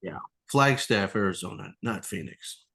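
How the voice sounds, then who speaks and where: A man's voice: low-pitched, expressive, normal speed, vocal fry, bright, forceful tone, slightly rough. A man who is a podcast guest, telling a rambling story in casual chat, swearing freely and acting out the other people in it. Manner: rambling, swears a lot, acts out voices.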